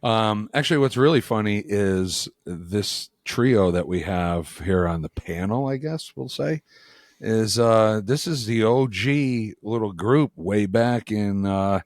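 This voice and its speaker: Deep-ish podcast host, dry close sound. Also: male voice, slow, no room sound. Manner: relaxed, joking banter. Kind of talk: casual chat.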